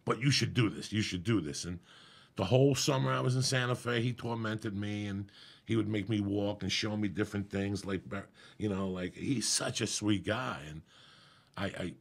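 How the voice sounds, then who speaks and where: A middle-aged man, a comedian guest, telling a profane, animated story in casual podcast chat. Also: low voice. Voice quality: gravelly, husky.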